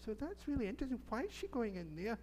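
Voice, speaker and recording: A middle-aged Scottish minister with a noticeably high voice. He tells a children's story in a playful, chatty way, asking the children questions. A faint hum sits behind him. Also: big pitch swings, fast talker, darkish tone. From Scotland. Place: church sanctuary.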